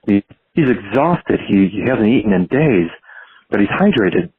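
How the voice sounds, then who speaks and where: Husky man rambling a story over the phone. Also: fairly low pitch, sing-song. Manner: halting, many restarts. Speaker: caller. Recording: tinny dry phone voicemail.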